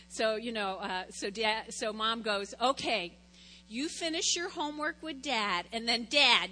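A woman pastor gives a sermon in an echoing church hall. Her voice is high and bright, and she tells her stories with animated, acted-out quotes. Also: a little hiss or hum.

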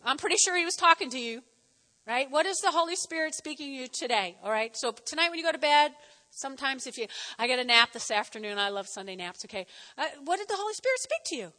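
Woman pastor, middle-aged, New Jersey accent, animated sermon delivery, high bright voice, reverberant church hall. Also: fast talker. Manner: lively, animated preaching with audience call-and-response.

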